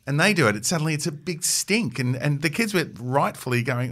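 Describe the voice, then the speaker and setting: A man's voice: a little high, lively intonation, a little fast, a bit bright. A middle-aged man with an Australian accent, chatting casually as a co-host in an easygoing way and laughing often. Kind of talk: casual chat.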